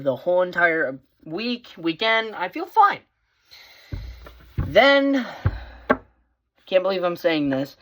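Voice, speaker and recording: A teenage boy chatting straight to the camera in a loose, storytelling way. He rambles, doubles back and fills pauses with "like" and "um", and his pitch jumps up whenever he gets worked up. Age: teens. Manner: rambling, with many fillers and restarts; animated, voice rising when excited. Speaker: vlogger. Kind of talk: casual storytelling.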